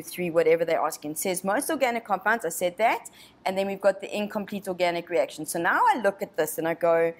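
A woman teacher from South Africa giving an exam revision lesson, chatty and encouraging, thinking aloud through each step. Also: on the low side. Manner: puts on a snobby voice for a molecule.

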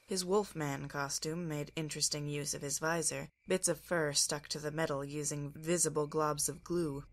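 A woman podcast host reading fan fiction aloud in a calm, even storytelling manner. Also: low-pitched, moderate pace. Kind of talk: audiobook narration.

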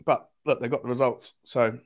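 A man's voice: medium pitch, fairly even intonation, moderate pace. A man, hosting a casual live fan stream, chatting and greeting viewers by name as he reads the chat aloud.

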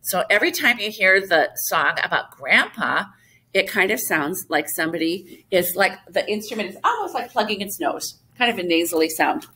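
A woman music teacher explaining things gently and simply to young children, with many fillers. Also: mid-range voice, animated, normal speed, a little hiss or hum. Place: school classroom.

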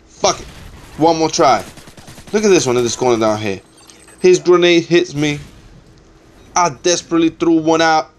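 A man's voice: fairly high pitch, normal speed, long pauses. A young man giving casual, trash-talking commentary over his own gameplay, swearing often and getting exasperated.

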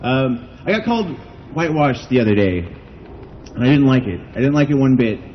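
A man doing stand-up comedy in a backyard, his pitch swinging up and down as he rambles. He runs himself down as he talks and fills his sentences with "like". The recording is slightly muffled, with a faint hiss from the open air behind him. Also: lively intonation, fairly quick. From United States. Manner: rambling, self-deprecating, heavy use of "like". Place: outdoor backyard show.

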